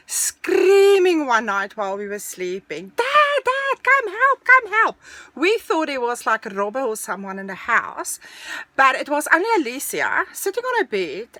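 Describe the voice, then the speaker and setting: A middle-aged woman telling a personal story in a casual, animated storytelling way. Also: a little high, dry recording. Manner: animated, breathless storytelling, dramatic retelling.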